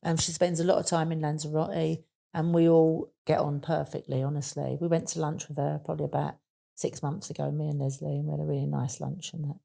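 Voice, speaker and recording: A woman's voice: low-pitched, little pitch movement, a little fast, gravelly, dark tone. A woman in her sixties with a Cockney accent, guest in an interview, telling stories in chatty casual talk. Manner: chatty storytelling with fillers like "and that".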